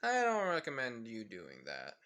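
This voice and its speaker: A man voicing a calm, serious teenage boy hero in a fan-made story, speaking in a dry, stern tone. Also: medium pitch, moderate pace, pitched below the performer's own voice, exaggerated voice.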